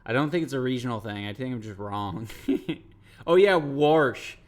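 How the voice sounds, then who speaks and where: This man speaks at a medium pitch and a brisk pace. He's livestreaming and chatting loosely with his audience, wandering off topic, cursing, and responding to chat messages.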